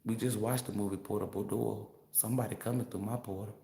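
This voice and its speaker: A man's voice: fairly low pitch, steady tone, fast, gravelly, warm tone. A man who reads tarot, ranting in a casual livestream in a brash, profane way and laughing often. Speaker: tarot reader. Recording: roomy echo.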